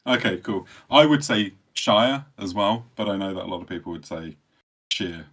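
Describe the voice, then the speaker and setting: This podcast host is a man with a low, husky voice who talks quickly and expressively. He keeps the casual chat easygoing and pokes fun at himself.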